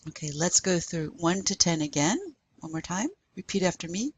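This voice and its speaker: A woman's voice: lowish voice, normal speed, slightly rough, no room sound. A woman teaching a recorded French lesson, spelling words letter by letter and drilling pronunciation patiently. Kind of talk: recorded online lecture.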